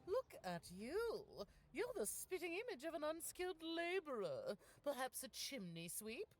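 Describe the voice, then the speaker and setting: An actress playing a snobbish high-society lady who lectures others in a sniffy, disdainful way. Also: big pitch swings, a little slow, slight background noise. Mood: snooty.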